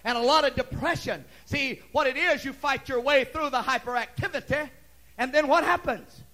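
Middle-aged preacher guy, really high voice, fervent folksy sermon, keeps saying praise god. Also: moderate pace, poor audio. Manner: impassioned preaching, swinging loud and soft. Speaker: pastor.

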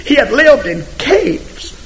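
A man preaching a sermon emphatically, swinging from hushed asides to shouted scripture. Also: extremely high pitch, very animated, slow, rough recording.

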